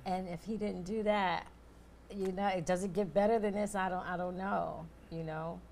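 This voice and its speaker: A woman's voice: lowish voice, steady tone, moderate pace, gravelly, a little mellow, slight background noise. A woman guest speaking in an interview, emotional and grateful, often stopping to restart her sentences. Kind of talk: earnest interview talk.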